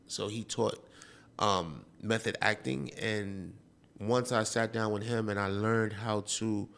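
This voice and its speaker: A man hosts a relaxed interview. His voice is gravelly and rough at the edges. He rambles through his stories and keeps dropping "you know.". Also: on the low side, slow. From Queens, New York. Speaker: host. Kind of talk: casual interview chat.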